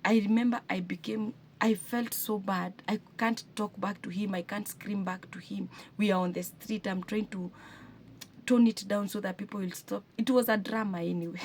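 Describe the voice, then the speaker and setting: A woman's voice: medium pitch, fairly even intonation, moderate pace, darkish tone, slight background noise. A Kenyan woman vlogging as a single mother, retelling a hard family day in an earnest, emotional way and often restarting her sentences. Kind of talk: personal storytelling to camera.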